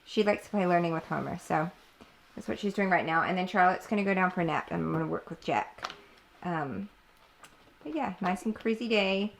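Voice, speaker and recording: Speaking fairly quickly in a lowish, creaky voice, a woman narrates a casual vlog about homeschooling her kids. She's chatty and self-deprecating and laughs often, with noise from the busy family home in the background.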